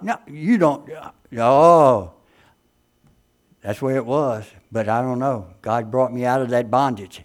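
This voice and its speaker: A man preaching a folksy, fervent sermon that swings from quiet asides to loud exclamations. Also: on the high side.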